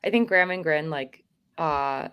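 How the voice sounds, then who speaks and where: A woman's voice: deep voice, normal speed, clean tone, muffled recording. A woman organizing an event, talking casually with many fillers on a podcast. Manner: chatty, lots of fillers.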